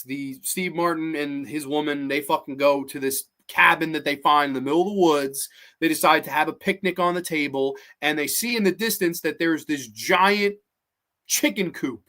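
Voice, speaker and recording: A horror review host ranting through a film recap, profane, sarcastic and incredulous, with animated outbursts. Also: mid-range voice.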